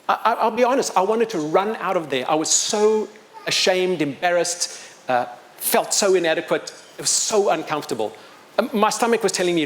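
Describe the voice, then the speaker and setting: Animated man telling a story. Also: sits high, moderate pace. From South Africa. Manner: animated, acting out dialogue with emotion. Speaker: children's author and speaker. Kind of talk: storytelling talk to a live audience.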